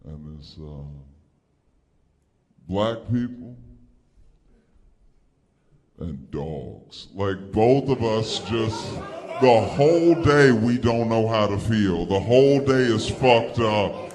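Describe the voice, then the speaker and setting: A man doing a stand-up comedy set, telling stories in an animated way and acting out the dialogue in raised voices. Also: fairly low pitch, takes it slowly, long pauses.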